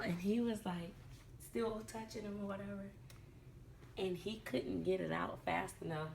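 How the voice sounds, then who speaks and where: A woman's voice: lowish voice, gravelly, a little hiss or hum. A middle-aged woman chatting casually to her viewers, telling a funny story about her dolls and laughing along as she acts out what others said. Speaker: doll collector vlogger.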